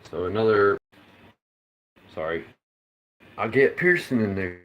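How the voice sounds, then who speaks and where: A man's voice: on the low side, animated, a little slow, roomy sound, highs cut off, slight background noise. A man live-streaming his home beer brewing, chatting casually, rambling and swearing as he works in his kitchen. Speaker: homebrewing streamer.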